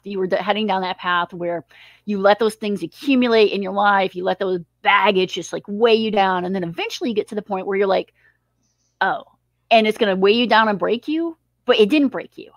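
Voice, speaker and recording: A woman's voice: mid-range voice, dry recording. A woman hosting an interview, asking long, framed questions with frequent "um"s. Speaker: host. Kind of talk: interview host.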